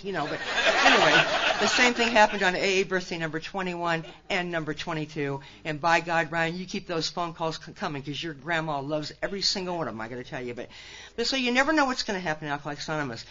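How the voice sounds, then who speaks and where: Folksy older woman, bright and quick. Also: on the low side, dull audio, slight background noise. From Nebraska, USA. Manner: folksy and animated, direct asides to listeners. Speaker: conference speaker. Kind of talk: recovery talk to a large audience.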